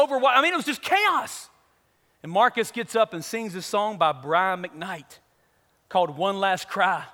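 A male pastor telling a comic story in a sermon, acting out the people in it with lively energy. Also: extremely high pitch. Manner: animated, comic, acts out the people in his story. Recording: long reverb of a large hall.

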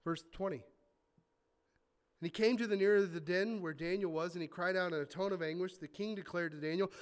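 A man preaching a sermon, reading scripture aloud and breaking into casual asides, swinging from loud emphasis to quiet, hushed remarks. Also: high voice, a little fast. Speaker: pastor.

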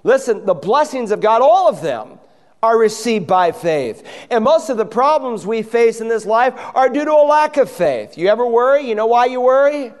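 Male pastor, high resonant voice, impassioned sermon delivery, big reverberant church. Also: sing-song, normal speed. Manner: impassioned preaching, acting out quoted voices. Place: church sanctuary.

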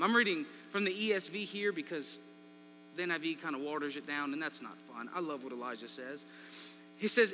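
Bright animated preacher in echoing hall. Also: male voice, high-pitched, normal speed. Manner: animated, swings between loud emphasis and quiet asides. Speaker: pastor. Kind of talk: sermon. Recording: long reverb in a large hall, faint mains hum.

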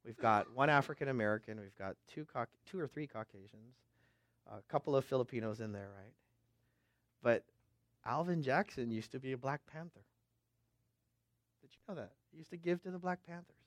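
A middle-aged pastor from the West Coast preaching a sermon, dropping to quiet asides and rising to loud, slow proclamations while checking in with "amen?" and "okay?". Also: male voice, on the high side, no echo, clean studio sound. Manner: swings from hushed asides to loud, drawn-out proclamation; asks the crowd for response with "amen?" and "okay?".

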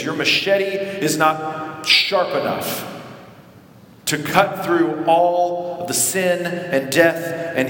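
A man preaching a sermon as pastor, acting out biblical figures in short dramatic asides and dropping low and quiet for emphasis. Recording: echoey hall with long reverb.

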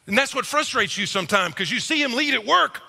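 A middle-aged male pastor preaching a sermon in a church, animated and acting out quick quoted voices. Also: very high voice, gravelly. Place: church auditorium. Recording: reverberant church hall.

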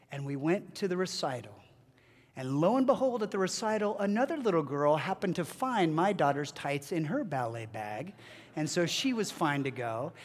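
A middle-aged man preaching a sermon, telling a family story with halting restarts and joking asides. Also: a little high. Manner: animated storytelling with self-deprecating asides. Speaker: pastor. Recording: long reverb of a large hall.

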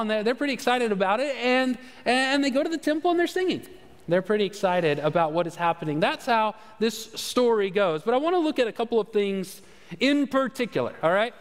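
High-voiced man preaching in a reverberant hall. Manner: conversational, with fillers and repeated words. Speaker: pastor. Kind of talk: sermon.

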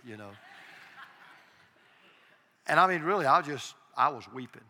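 A man's voice: medium pitch, expressive, moderate pace, pauses often, sharp tone. Earnest older man preaching in a reverberant hall. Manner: earnest, confessional storytelling with emphatic repetition. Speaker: pastor. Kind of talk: sermon. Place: church sanctuary.

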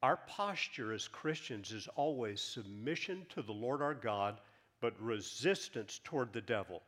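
A man preaching a sermon, reading scripture aloud with rising emphasis and dropping softer when he explains. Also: medium pitch, animated. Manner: reads scripture aloud with rising emphasis, then drops soft; earnest, measured teaching. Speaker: pastor.

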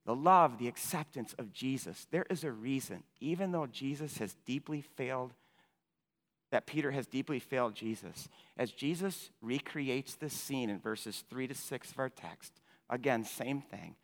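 A man preaching a sermon with passion, stumbling over repeated words as he starts phrases and swinging between loud and hushed. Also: mid-range voice, moderate pace. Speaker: pastor. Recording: long hall reverb.

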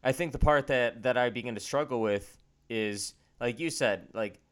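Man, podcast co-host, candid, self-deprecating, earnest, mid pitch. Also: moderate pace, fairly bright tone. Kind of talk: casual faith podcast chat.

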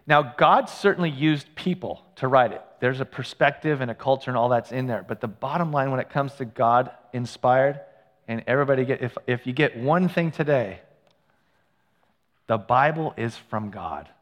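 Male pastor, mid-pitched, chatty storytelling sermon, long church reverb. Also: a little fast, a bit bright. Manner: conversational, storytelling with asides and self-corrections. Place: church sanctuary.

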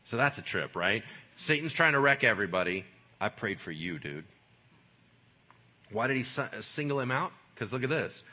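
A man preaching a sermon in a lively, conversational way, full of casual slang. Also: medium pitch, fairly quick. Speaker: pastor.

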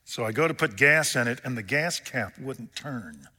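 A man's voice: medium pitch, expressive, moderate pace, bright, forceful tone, slightly rough. A man preaching a sermon, telling homespun stories with jokes in a folksy way. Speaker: pastor. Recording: long hall reverb.

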